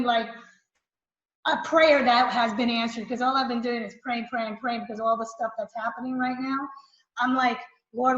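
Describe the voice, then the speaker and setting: High, effusive woman in a roomy recording. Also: a bit bright. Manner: effusive and enthusiastic. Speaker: real estate agent client. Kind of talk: client testimonial interview. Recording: roomy, dull audio.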